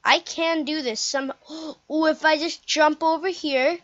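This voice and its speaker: A young woman giving excitable, chatty commentary while playing a game. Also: sits high, measured pace. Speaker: gameplay commentator. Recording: dull lo-fi home mic.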